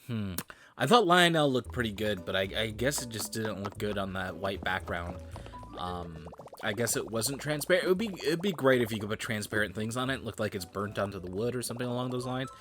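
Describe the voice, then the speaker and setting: With music in the background, a man with a lowish voice talks briskly as he games on stream. He's tired and yawning, mutters casual remarks laced with the odd swear word, and his volume drifts up and down.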